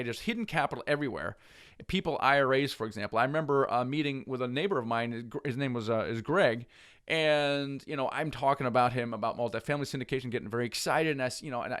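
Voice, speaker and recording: A man teaching real estate investing straight to camera, persuasive and energetic, restarting phrases as he goes. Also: mid-range voice. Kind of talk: direct-to-camera teaching talk.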